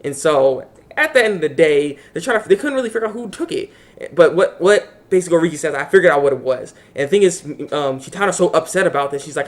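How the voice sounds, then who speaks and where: Fast-talking man recapping an anime. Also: a little high. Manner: rambling, animated, acts out characters' lines. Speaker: anime reviewer. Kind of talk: casual episode recap.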